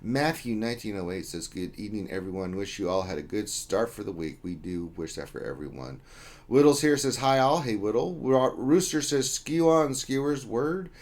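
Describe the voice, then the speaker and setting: A man's voice: on the low side, lively intonation, normal speed, darkish tone. A man hosting a casual livestream, reading out chat names and greetings in a loose, joking way. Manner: reads chat names aloud, jokey and loose. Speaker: livestream host.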